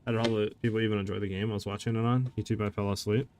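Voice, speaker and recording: Laid-back streamer man, low voice. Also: little pitch movement, racing, darkish tone, a little hiss or hum. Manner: laid-back, chatty, talks to chat. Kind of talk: casual live-stream chat while gaming.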